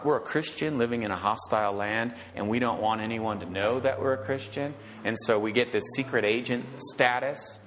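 A man's voice: medium pitch, fairly bright tone. A male pastor giving an emphatic sermon, often asking rhetorical questions and checking in with "okay?". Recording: long reverb of a large hall.

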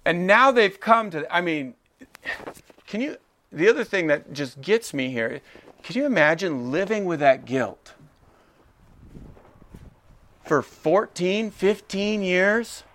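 Man preaching a lively sermon. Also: sits high, a little slow. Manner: expressive, acts out voices of the brothers. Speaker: pastor.

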